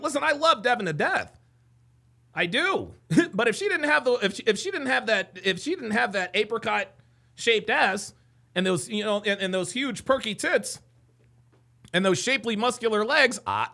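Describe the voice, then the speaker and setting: Male stream host, very high gravelly voice, bright and bouncy, mocking reaction commentary. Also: normal speed. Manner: excitable, mocking, repeats himself. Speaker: livestream host.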